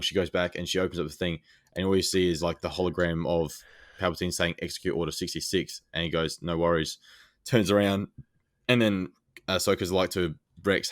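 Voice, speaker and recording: Man, very low voice, dry close sound, rambling excited recap, podcast co-host. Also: fairly quick, no echo. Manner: excited, rambling scene retelling with many fillers. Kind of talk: casual chat.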